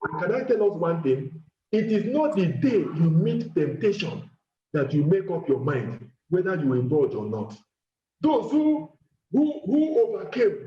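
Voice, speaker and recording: A man leads a fervent prayer sermon in a strikingly high voice, his words bursting out at times into shouting and speaking in tongues. The recording sounds dull and lo-fi, caught in an echoing room. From Nigeria. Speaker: preacher leading prayer.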